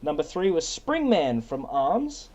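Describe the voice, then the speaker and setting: A co-host in casual gaming podcast chat, relaxed, reading out lists and laughing often. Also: mid-range voice, measured pace, lo-fi sound.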